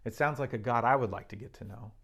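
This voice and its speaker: A man's voice: mid-range voice, fast, fairly bright tone, slightly rough. A man preaching a sermon, earnestly reading and explaining scripture with emphasis.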